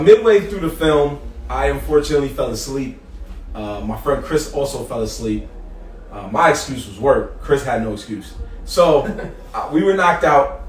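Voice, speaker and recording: A man tells a story in casual podcast talk, fairly high-pitched and acting out every quote. He sits back from the mic in a roomy, echoing space with a faint hiss underneath. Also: distant mic. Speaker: podcast co-host.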